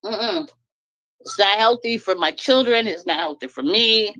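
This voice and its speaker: A woman's voice: fairly high pitch, huge pitch swings, measured pace, vocal fry, sharp tone, no room sound, poor audio. Blunt, emphatic woman venting. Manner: blunt, emphatic, laughing between points. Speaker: guest speaker. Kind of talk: candid personal venting.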